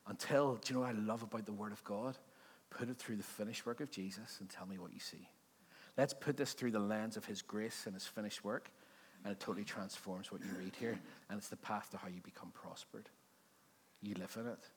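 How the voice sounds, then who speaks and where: A man's voice: fairly low pitch, steady tone, brisk, slightly rough. A male pastor preaching a sermon in a conversational, joking way, often asking the congregation questions. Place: church service before a congregation.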